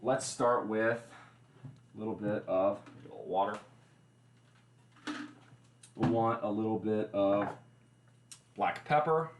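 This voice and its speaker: A man's voice: on the low side, takes it slowly, pauses often, roomy sound, background noise. A man hosting a casual cooking livestream, chatty and explaining each step with wry asides, recorded in a home kitchen. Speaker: livestream host.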